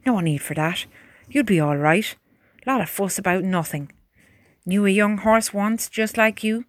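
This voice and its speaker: A woman voicing a gentle young male soldier who talks softly and coaxingly to a horse, in a dry recording. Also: medium pitch, measured pace, no room sound, lightly acted. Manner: soft, coaxing.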